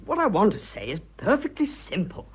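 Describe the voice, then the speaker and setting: In a dull old radio broadcast, an English actor gives a full character voice as an earnest, bashful young businessman declaring his love in 1940s radio style. His voice sits high with wildly swooping pitch, a little fast and slightly rough. The suitor sounds flustered and ardent, bashful, blustering and eager.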